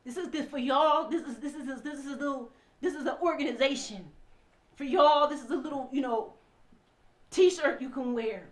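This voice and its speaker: A high-pitched woman tells her own story in tears. She swings between near-whispers and loud, forceful outbursts, and her voice stays raw and impassioned throughout. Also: normal speed. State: crying. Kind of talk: emotional personal testimony.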